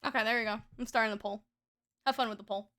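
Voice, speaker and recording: A woman's voice: on the high side, fairly even intonation, quick pace, bright, forceful tone. A young woman livestreaming a game, chatting casually with her chat, giggling often, swearing freely and reading game text aloud. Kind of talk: casual gaming stream chat.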